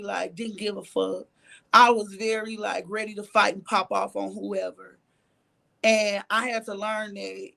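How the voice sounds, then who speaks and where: A woman's voice: medium pitch, creaky. A woman guest in an interview, telling a candid story bluntly and profanely, acting out the lines of others. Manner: animated, blunt and profane, acts out quoted dialogue. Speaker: interview guest, reality show cast member.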